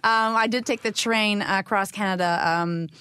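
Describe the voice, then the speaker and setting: A woman's voice: medium pitch, steady tone, moderate pace, pushed and bright, smooth, no echo. Chatty woman with a Québécois French accent. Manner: chatty, many fillers and restarts. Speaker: rail company representative. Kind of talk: casual radio interview.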